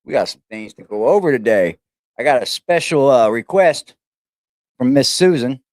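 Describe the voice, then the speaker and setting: At home, a man hosting a laid-back livestream runs through his chatters by name, swearing and joking loosely in slang. His mid-range voice is expressive and a little mellow, at a moderate pace. The recording is dry and studio quality, from a fixed camera on a stabilizer.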